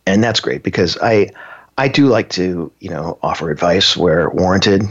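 A man's voice: low voice, moderate pace, dull audio. A man co-hosting a dating talk show in casual chat, playful and joking, often whispering. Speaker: co-host.

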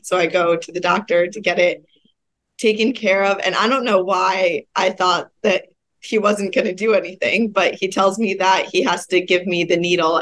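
Here is a young woman in her twenties with a mid-range voice. She tells stories in an animated, self-deprecating way, often laughing at herself. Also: medium pitch. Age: young adult. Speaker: podcast co-host. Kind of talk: casual storytelling.

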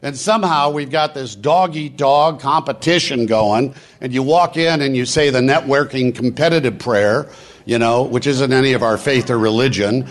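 A middle-aged man gives a motivational stage talk at a business event. His voice sits at an ordinary male pitch. He delivers it in a preachy, rapid-fire way, pushing hard to fire up the room. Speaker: motivational speaker. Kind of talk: live stage speech. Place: event hall.

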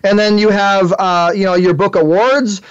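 A young man hosting a radio talk show, gushing and excitable, often stumbling over his words. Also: sits high, moderate pace, clear, resonant tone, highs cut off. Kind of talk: fast casual radio chat.

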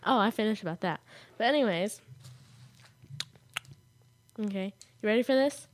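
A woman's voice: mid-range voice, lively intonation, normal speed. A young woman co-hosting a casual chat show, giggly and teasing. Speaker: co-host.

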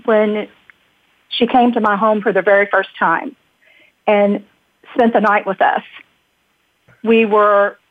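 A woman, a guest and birth mother, telling a personal story in a halting way, with frequent restarts. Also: medium pitch, flat delivery, no room sound. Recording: dry tinny phone-like line.

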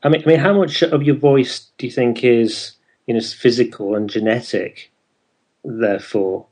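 A man's voice: mid-range voice, moderate pace, a little mellow. Chatty male interviewer from northern England. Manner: curious, chatty questioning. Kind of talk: conversational interview.

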